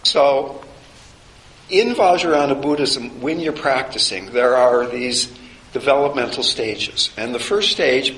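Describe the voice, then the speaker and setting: A man's voice: mid-range voice, fairly bright tone. A man giving an informal classroom lecture, reflective and conversational with wry humor. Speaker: teacher of a chaplaincy course. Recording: roomy with faint background noise.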